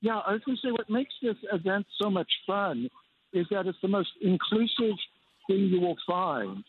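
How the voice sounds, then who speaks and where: A man's voice: sits high, expressive, moderate pace. A man reporting by phone from a busy convention center floor, upbeat and enthusiastic. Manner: upbeat, fond of colorful phrases. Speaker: animation critic reporting remotely. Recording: phone line with faint noise.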